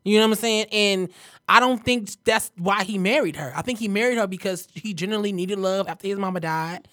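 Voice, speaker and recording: A co-host, arguing in fast, slangy casual chat. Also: mid-range voice, fairly bright tone. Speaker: podcast co-host.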